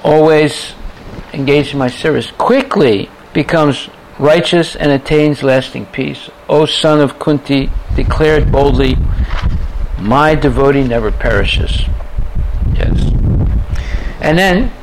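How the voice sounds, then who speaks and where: A man's voice: a little high, slow, background noise. A man giving a scripture lecture to a class, reciting verses and driving his points home with repeated rhetorical questions. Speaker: spiritual teacher giving a class.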